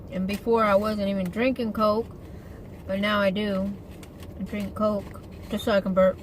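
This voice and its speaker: A woman's voice: mid-range voice, fairly even intonation, normal speed, fairly bright tone, slight background noise, rough recording. A woman chatting casually in her car on an eating-show vlog, rambling along with fillers and asides. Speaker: vlogger. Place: inside a parked car.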